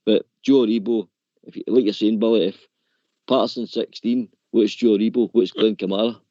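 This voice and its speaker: A man's voice: on the low side, fairly even intonation, brisk, mellow, no room sound. A man calling in to a radio phone-in, rambling about football with lots of "you know". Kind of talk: casual phone-in chat. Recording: dull dry lo-fi line.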